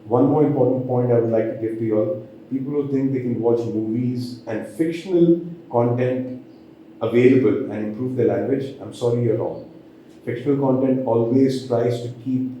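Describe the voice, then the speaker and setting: A man's voice: medium pitch, mellow, slight background noise. Man teaching pronunciation in an echoey room. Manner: slow, deliberate demonstrations of sounds. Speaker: communication trainer. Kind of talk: pronunciation lesson.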